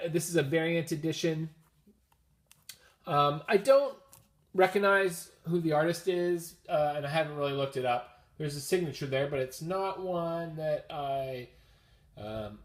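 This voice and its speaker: Canadian guy vlogging his comics at home, upbeat and rambly, voice sits a little high. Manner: chatty and upbeat, rambling asides. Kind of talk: casual chat.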